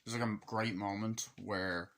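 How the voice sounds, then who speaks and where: A man with a fairly low voice talks through a film review in a loose, rambling way. He swears freely and keeps slipping into bits of acted-out dialogue. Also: fairly even intonation, unhurried, a bit bright. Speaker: movie reviewer. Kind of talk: casual rambling movie review.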